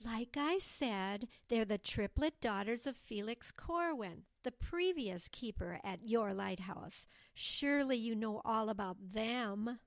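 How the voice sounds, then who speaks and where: A woman voicing Lucinda, a gossipy, self-important young girl who chatters in a sing-song way, read slowly in an audiobook. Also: a little high, lively intonation, no room sound, voice pushed up. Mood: chattering. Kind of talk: audiobook dialogue reading.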